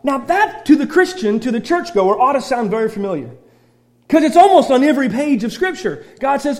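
A pastor preaching a sermon, swinging from hushed, close talk to loud shouting and often repeating and restarting his phrases. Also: extremely high pitch, big pitch swings, a little fast.

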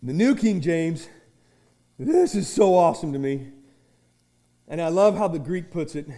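A man preaching a sermon to his church. He moves between shouted, rising lines and quiet conversational asides, and he acts out small dialogues. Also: a little high, animated, unhurried, long pauses. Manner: restarts and acts out little dialogues. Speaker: pastor.

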